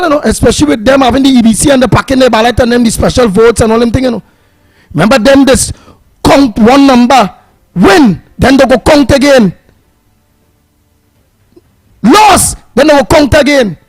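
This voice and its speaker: A man's voice: very high-pitched, slightly rough, dry recording, low-quality recording. A man with a Trinidadian accent hosting a call-in radio show, emphatic and fiery, repeating words and slipping into a sing-song. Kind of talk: animated call-in radio talk.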